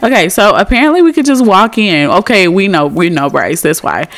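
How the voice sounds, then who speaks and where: A woman's voice: mid-range voice, very animated, brisk. A young woman giving casual, giggly commentary over a life-simulation game, chatting to her viewers. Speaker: Sims let's play creator.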